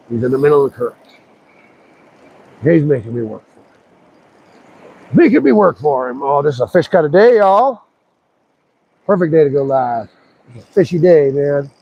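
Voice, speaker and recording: A man commentates his fishing live from a riverbank, voice swinging widely and sitting a bit high for a man. He talks at an unhurried pace and chats playfully with the fish on his line. The outdoor sound is a little muffled, with faint noise behind him. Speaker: fishing livestreamer.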